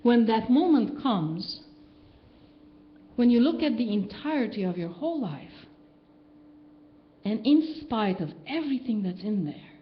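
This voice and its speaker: A woman's voice: on the high side, lively intonation, a little slow, pauses often. A woman minister giving a sermon in a conversational way, often asking the congregation questions. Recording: dull, lo-fi live-stream recording with faint background noise.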